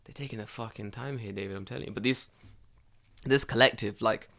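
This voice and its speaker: A young man with a London accent, co-hosting a podcast and telling comic stories in a lively, profane, casual way. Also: medium pitch, a little fast, vocal fry. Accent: London English. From England. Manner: animated, profane, comic storytelling. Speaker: podcast co-host. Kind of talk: casual storytelling chat.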